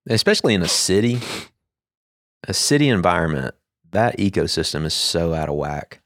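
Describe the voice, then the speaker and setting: A man, co-hosting a podcast in casual chat, telling animated stories and laughing often. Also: deep voice, moderate pace, no room sound, studio quality. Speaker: podcast co-host.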